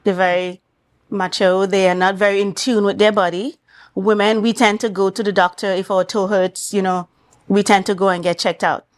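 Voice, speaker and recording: A woman physician from Trinidad and Tobago, by her accent, explains things in a measured, clinical way as a morning talk show guest, speaking at medium pitch in a level tone.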